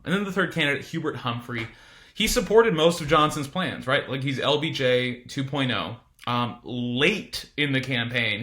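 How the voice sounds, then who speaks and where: Male teacher, bright voice, chatty informal lecture, screen-recorded. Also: mid-range voice. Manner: chatty, informal, many fillers and asides. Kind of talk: casual classroom lecture.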